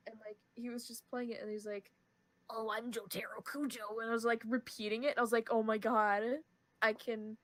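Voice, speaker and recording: A woman's voice: on the high side, little pitch movement, a little fast, a bit bright, no echo. A teenage girl chatting casually on a podcast, telling rambling stories with frequent giggles. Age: teens. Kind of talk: casual chat.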